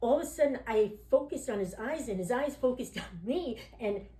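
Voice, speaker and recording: On the high side and mellow, her voice has lively intonation and moves a little fast. A guest on a podcast, she candidly rambles through her own story, filling it with "like" and "you know" and often acting out quoted voices. There's a roomy echo.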